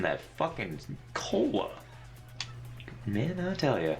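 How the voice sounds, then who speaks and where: A man's voice: lowish voice, sing-song, measured pace, fairly bright tone. A man giving sarcastic, profane, rambling commentary while playing a video game. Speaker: gaming channel host. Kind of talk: let's play commentary. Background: faint game music.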